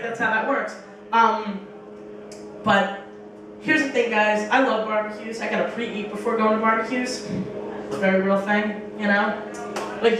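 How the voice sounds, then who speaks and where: A woman's voice: mid-range voice, noisy background. A young woman doing a stand-up comedy set in a small bar, telling profane stories with acted-out quotes. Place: small bar stage with a live audience. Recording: echoey room, mic from far off.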